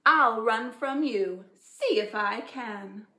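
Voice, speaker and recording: A cocky little gingerbread cookie boy chants his taunts in a bright, high, sing-song voice, as a woman reads him aloud. He boasts at a slow, deliberate pace. An echoey room carries the storybook reading. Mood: taunting.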